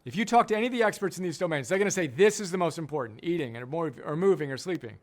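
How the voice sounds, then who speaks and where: A man's voice: fairly high pitch, lively intonation, rapid-fire. A middle-aged man, a coach and program founder, giving an emphatic teaching talk and repeating key phrases for effect.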